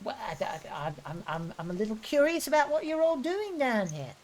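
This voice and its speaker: A woman's voice: a little high, big pitch swings, brisk, darkish tone, voice pushed up. A woman voicing a chatty, flirtatious woman ghost, who calls people love and darling. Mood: flirty.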